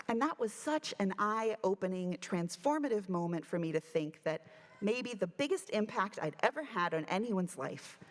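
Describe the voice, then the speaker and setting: A woman minister delivers a sermon at a middle pitch, leaping up for the voices in her story. The sanctuary's long reverb hangs after each phrase. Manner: animated storytelling, acting out quoted voices. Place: church sanctuary.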